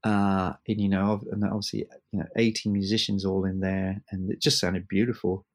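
Halting, chatty man telling studio stories. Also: deep voice. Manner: halting, many restarts, animated storyteller. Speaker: musician guest. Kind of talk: casual interview chat.

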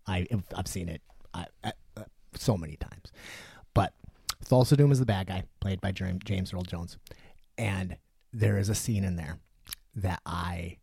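A man's voice: low-pitched, measured pace, creaky, warm tone, husky, dry recording, studio quality. A man in his forties co-hosting a casual podcast chat, swearing freely and telling rambling stories. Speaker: podcast co-host.

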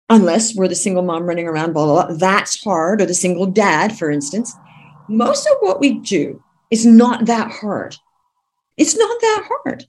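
A woman business coach, a podcast guest, telling her story in an emphatic, animated way. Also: medium pitch, moderate pace, slightly rough. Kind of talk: podcast interview.

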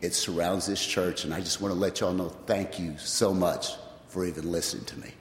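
A man shares his personal testimony in church, in a fairly low voice. He tells his story plainly, coming back again and again to the turn "well, guess what." The sound is roomy, with a long church-hall reverb and faint noise behind. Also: steady tone, normal speed. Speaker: church member giving testimony. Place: large church sanctuary.

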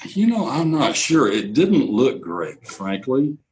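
An older man, a radio executive telling anecdotes in an interview, quoting others in lively bursts. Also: mid-range voice, slow, a little hiss or hum, rough recording. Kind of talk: storytelling interview.

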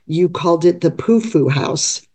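A direct, earnest longtime friend who talks plainly and with care, as a woman reads her. The delivery is slow and mellow. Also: lowish voice, lively intonation, breathy edge.

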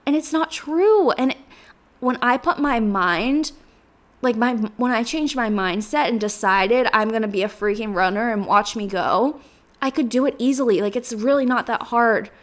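A woman's voice: on the high side, moderate pace. A woman in her twenties hosting her own podcast, talking earnestly in a rambling way and sounding close to tears. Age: 20s. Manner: earnest, rambling, uses "like" and "literally" often. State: emotional, near tears. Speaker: podcast host. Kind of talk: solo podcast monologue.

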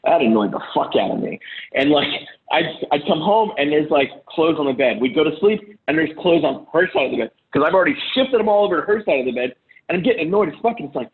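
Man, blunt cussing advice talk, fairly high voice, tinny phone-like sound. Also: lively intonation, quick pace. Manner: blunt and profane, acts out heated quotes loudly. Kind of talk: casual advice monologue. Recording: phone-like lo-fi audio.

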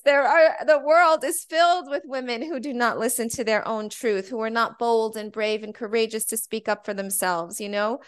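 A woman in her forties as a podcast guest, telling a personal story in an animated, chatty way, full of "like". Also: fairly high pitch, no room sound. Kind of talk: conversational storytelling.

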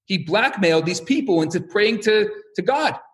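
A man's voice: sits high, normal speed. A man giving a religious lecture as a rabbi, telling stories and acting out the quotes. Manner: animated storyteller who acts out quotes.

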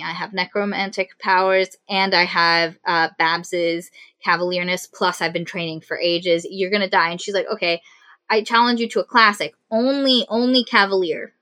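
A woman casually recapping a novel's plot as a podcast co-host, animated and acting out the characters' lines. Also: medium pitch, no room sound. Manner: animated retelling with quoted voices. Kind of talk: casual chat.

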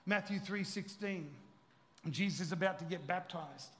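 A man preaches to his congregation in a high, ringing voice, mixing casual jokes with emphatic, rising declarations. His words carry a long reverb, as if filling a church hall. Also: moderate pace. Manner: humorous, conversational preaching that builds to loud emphatic peaks. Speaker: pastor. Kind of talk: sermon.

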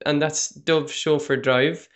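Male host, interview chat, encouraging, slightly high voice. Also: fairly even intonation, slow. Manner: encouraging, brief affirmations. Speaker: podcast host.

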